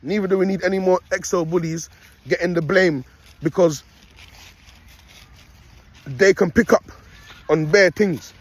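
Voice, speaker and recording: A man's voice: high voice, steady tone, unhurried, pauses often. A young man, filming himself on a phone outdoors while walking his dog, delivering a rambling, preachy monologue that he keeps punctuating with "you get me" and "people.". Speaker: self-styled prophet vlogger.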